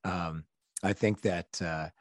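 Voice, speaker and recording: A man's voice: sits low, fairly even intonation, slow, dry recording, studio quality. A middle-aged man hosting a podcast in casual chat, a rambling storyteller who laughs often. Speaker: podcast host.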